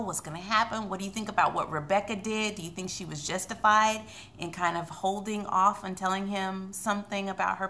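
Chatty woman with a bright, gravelly voice. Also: mid-range voice, slight background noise. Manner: chatty, retells scenes with quoted lines. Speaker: TV recap vlogger. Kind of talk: casual recap chat to camera.

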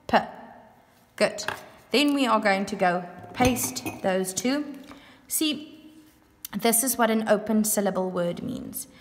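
Patient woman teacher in an echoey room. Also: mid-range voice. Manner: patient, repeats and spells words out slowly. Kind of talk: online grammar lesson for young pupils. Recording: echoey room with long reverb.

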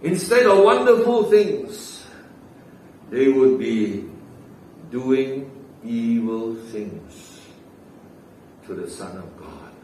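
A man preaching a sermon and leading a prayer, rising sharply on key words and falling low at the ends of phrases, with frequent "uh" and "right?". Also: sing-song, drawn-out words, long pauses, darkish tone. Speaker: pastor. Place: church hall. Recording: very echoey hall, voice from far off, faint hiss.

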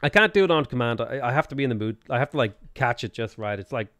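A man's voice: medium pitch, animated, fast talker, a bit bright, no echo, studio quality. A man chatting casually and jokingly as he livestreams a strategy game, rambling from topic to topic. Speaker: gaming streamer.

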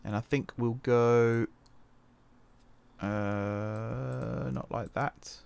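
A man's voice: mid-range voice, steady tone, extremely slow, vocal fry, darkish tone, clear, resonant tone. A man from the UK giving casual, thinking-aloud commentary while playing a computer game, often changing his mind and correcting himself. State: wrist pain. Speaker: game let's-play host.

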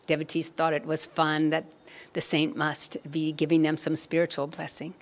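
A woman telling a spiritual story in an unhurried, measured way. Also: deep voice, monotone.

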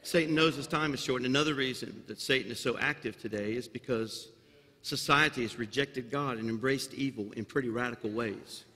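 A man preaching a sermon as senior pastor in a church sanctuary, building to loud, fervent climaxes with folksy asides and a slight Southern drawl. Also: medium pitch, a little fast. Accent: Southern US drawl slipping in. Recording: long hall reverb of a sanctuary.

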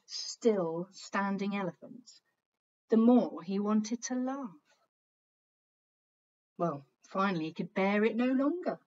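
A woman's voice: fairly high pitch, darkish tone, lo-fi sound. A woman teacher reading a picture book aloud to young children, telling the story expressively and pointing out the pictures as she goes.

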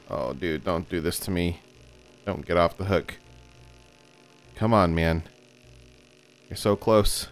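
Man, very low voice, lively pitch swings, excitable let's play commentary, chats to the game, casual swearing. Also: creaky. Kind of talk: gameplay commentary.

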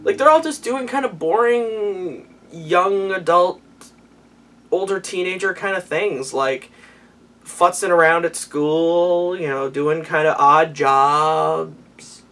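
A tipsy young vlogger with a high, pushed and bright voice rambles slowly through an anime recap. He stammers and restarts his sentences. He's in a small, warm room indoors, recorded on a distant mic.

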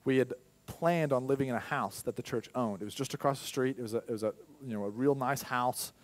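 A man's voice: medium pitch, quick pace. Candid young male pastor preaching. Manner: candid storytelling with sudden loud bursts. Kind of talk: personal testimony sermon. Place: church.

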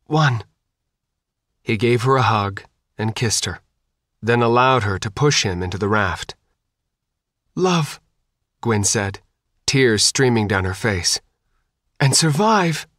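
A man reading an audiobook in a measured, even style. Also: mid-range voice, no echo, clean studio sound. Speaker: audiobook narrator. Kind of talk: scripted audiobook narration.

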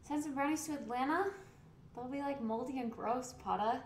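With a high voice at normal speed, a young woman streamer makes casual, rambling chat as she cooks in her home kitchen. The mic is placed away from her, giving a roomy echo and faint hiss.

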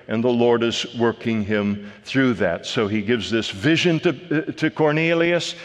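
A man's voice: medium pitch, unhurried, hardly any pauses. A male pastor teaching a verse-by-verse sermon in a conversational way, with frequent fillers and restarts. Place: church sanctuary. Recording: church hall with long reverb.

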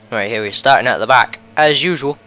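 A young man giving excitable play-by-play commentary on a racing game, his voice going a bit hoarse. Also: mid-range voice. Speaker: gaming video host.

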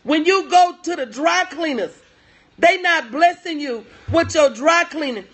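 Her voice sits high, animated and unhurried, as this middle-aged woman coaches business on a livestream. The talk is motivational, preachy and emphatic, full of repeated key lines and name-by-name greetings.

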